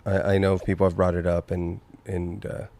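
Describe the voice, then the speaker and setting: A man's voice: low-pitched, flat delivery, moderate pace, dark tone, dry recording. A man hosting a podcast in casual conversation, laid-back and supportive, drawing his words out. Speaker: podcast host.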